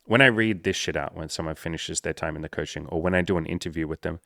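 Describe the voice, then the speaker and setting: A man's voice: sits low, quick pace, vocal fry, bright, forceful tone, no room sound, clean studio sound. A man coaching his viewers in casual talk to camera, playful and mock-formal at times, swearing freely. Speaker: dating and life coach.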